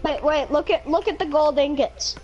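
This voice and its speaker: A woman in casual gameplay chat, excitable and silly, making playful noises and coughing again and again. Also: sits high, normal speed, muffled recording, faint music behind. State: coughing repeatedly.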